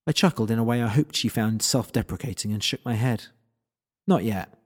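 A man's voice: medium pitch, fast talker. A man narrating a first-person story in a wry, self-deprecating way.

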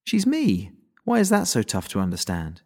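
A man voicing an impulsive, stubborn teenage schoolgirl who talks in high, breathless exclamations. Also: wildly swooping pitch, normal speed, darkish tone. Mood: exasperated.

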